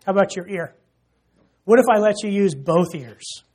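Speaking at normal speed, this preacher has a high-sitting voice with a darkish tone. His church sermon is casual and conversational, full of jokes for the congregation and frequent "you know"s.

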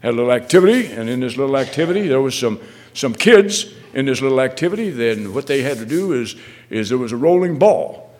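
Man preaching with lively swinging pitch. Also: brisk, in a large hall. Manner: swings from loud pressing questions to quiet asides, repeats words. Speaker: minister. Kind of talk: sermon.

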